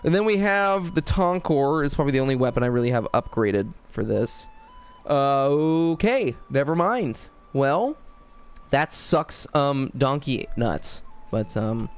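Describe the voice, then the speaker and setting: A man's voice: mid-range voice, big pitch swings, measured pace, clean tone, soft background music. A man streaming a video game, chatting casually in a crude, jokey, rambling way. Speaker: gaming streamer. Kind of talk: casual livestream chat while gaming.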